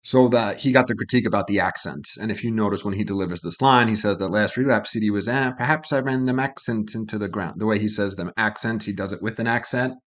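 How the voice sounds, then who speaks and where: Low-voiced man breaking down song lyrics. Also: fast, few pauses, fairly bright tone. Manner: loose and chatty, quoting lyrics, swears freely. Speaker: co-host of a music reaction channel.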